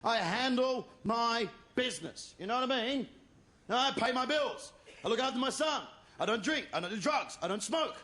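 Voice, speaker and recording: A man's voice: very high voice, lively intonation, moderate pace. An Australian man doing a crude, mocking stand-up routine and teasing the crowd. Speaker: stand-up comedian. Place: comedy venue with live audience. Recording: echoey live venue, loud crowd laughter.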